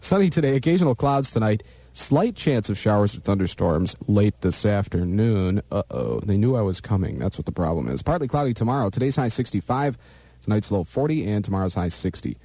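Husky, jokey radio morning host man. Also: fairly low pitch, animated, a little fast, warm tone, no room sound. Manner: jokey, rambling, mock-outraged. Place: radio studio.

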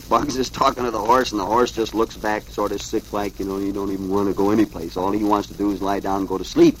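A man's voice: on the low side, a little fast, slight background noise, rough recording. A man, reading comic strips aloud to a child in a chatty, folksy way. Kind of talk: folksy read-aloud storytelling.

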